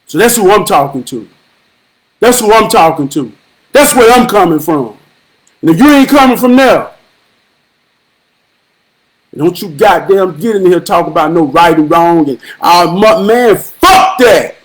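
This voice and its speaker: Slow, high-voiced preachy man. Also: lively intonation. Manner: preachy, profane, rhythmic repetition. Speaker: livestream host. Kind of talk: motivational live-stream monologue.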